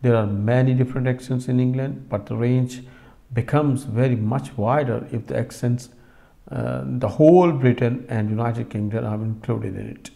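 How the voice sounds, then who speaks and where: A man giving a recorded lecture to students, explaining slowly with many fillers and restarts and talking straight to the class. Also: mid-range voice, fairly even intonation, gravelly, warm tone.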